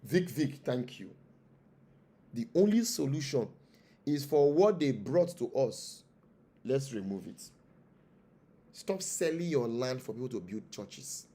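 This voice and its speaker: A man's voice: mid-range voice, sing-song, slow pace, long pauses, warm tone. A man with a Nigerian accent, a traditional spiritual leader speaking as an interview guest, preaching with rhetorical questions and repeated phrases. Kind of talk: impassioned interview monologue.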